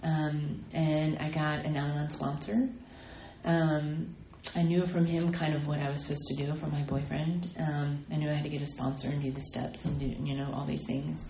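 A woman telling her personal recovery story at a meeting, halting and full of ums and restarts. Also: sits low, flat delivery, roomy sound, background noise. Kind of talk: personal testimony talk.

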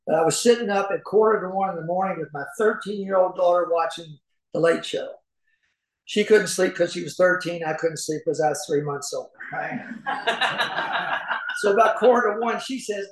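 A man's voice: sits high, moderate pace. A middle-aged man from Kentucky telling personal recovery stories in a folksy way, acting out the voices in them. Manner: folksy storyteller, acts out voices, chuckles often. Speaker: speaker at a recovery meeting. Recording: echoey room.

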